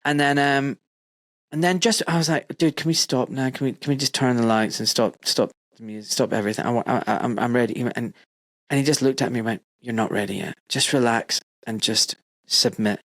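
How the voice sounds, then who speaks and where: A man's voice: medium pitch, quick pace, no room sound. Forties male host, heartfelt storyteller who voices his own lines, dry booth sound. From United Kingdom. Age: 40s. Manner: emotional storytelling, acts out his own quotes. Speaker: podcast host. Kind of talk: casual chat.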